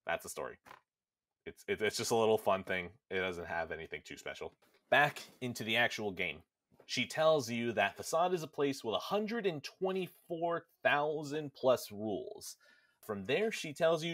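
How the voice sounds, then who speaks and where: A man hosting a podcast, retelling a game's story in a casual, animated way and quickly jumping into quoted lines from the characters. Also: medium pitch, no echo, studio quality. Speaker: podcast host.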